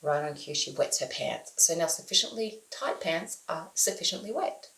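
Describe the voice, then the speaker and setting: A woman in her thirties tells a comic story about life as a mother, animated and exasperated. Her pitch swoops widely. The sound has a roomy echo. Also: moderate pace. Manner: animated, exasperated, acts out family members. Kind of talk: comic true-story monologue.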